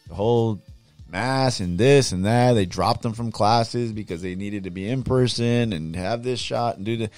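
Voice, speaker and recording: Low-voiced man hosting a podcast. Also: moderate pace, no echo, soft background music. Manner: relaxed, conversational, asks questions. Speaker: podcast host. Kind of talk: casual podcast interview.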